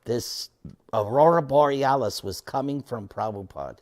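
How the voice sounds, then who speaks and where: A man in his sixties giving a lecture as a dramatic story, his voice swinging from loud to soft. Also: mid-range voice, normal speed. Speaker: devotee lecturer.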